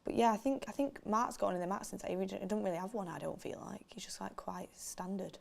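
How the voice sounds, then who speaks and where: A woman co-hosting a casual football watchalong, reading viewer comments and teasing her co-host, quick to laugh. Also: mid-range voice, vocal fry. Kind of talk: casual chat during a match watchalong.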